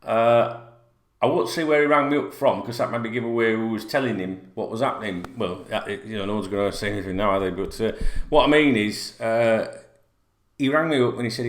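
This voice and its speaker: A man's voice: fairly low pitch, fairly quick. A middle-aged man hosting a football fan channel, talking bluntly and rambling in a sweary rant to camera. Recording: roomy echo.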